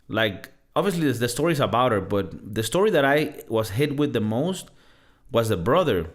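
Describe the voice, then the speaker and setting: A man with a Latin American Spanish accent, chatting casually on a podcast with friends, animated and swearing freely. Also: medium pitch, moderate pace. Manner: animated, swearing, laughs often. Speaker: podcast co-host. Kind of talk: casual chat.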